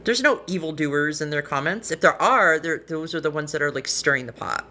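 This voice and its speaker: A woman's voice: deep voice, lively intonation, a little fast, pushed and bright. A woman speaking earnestly and emotionally on a live stream from her phone, rambling with restarts and close to tears. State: tearful, emotional. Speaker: livestreamer.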